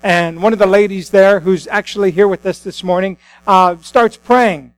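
High-voiced man preaching a sermon. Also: steady tone, moderate pace, no room sound, poor audio. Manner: conversational storytelling with frequent restarts. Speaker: pastor.

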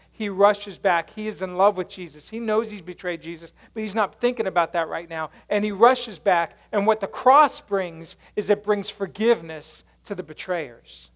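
A male pastor preaching a sermon, retelling a story in animated, casual language and questioning his congregation. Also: high voice, normal speed. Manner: casual slangy phrasing.

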